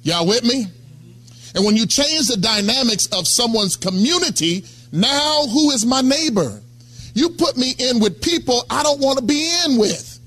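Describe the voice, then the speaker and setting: A middle-aged pastor preaches in a high, bright voice. He talks to the congregation like a friend, checking in with them again and again. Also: animated, moderate pace. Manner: conversational preaching, calls out to congregation. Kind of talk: sermon.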